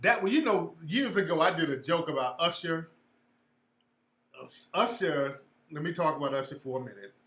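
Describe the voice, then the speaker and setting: A man's voice: on the high side, animated, normal speed, fairly bright tone, roomy sound. A man hosting a livestream, ranting casually in blunt, profane street talk to his viewers. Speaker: livestream host.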